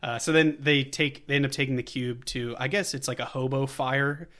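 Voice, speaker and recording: A man at a mid pitch hosts a casual movie podcast, walking through a plot recap in a loose, rambling way. He fills his talk with fillers and laughs often. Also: steady tone, moderate pace, a bit bright. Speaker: podcast host.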